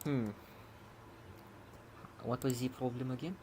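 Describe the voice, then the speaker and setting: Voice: medium pitch, fairly even intonation, slow, noisy background. A programmer giving casual live-coding commentary, rambling, chuckling and muttering while debugging, with keyboard typing behind. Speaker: programmer streaming their own coding.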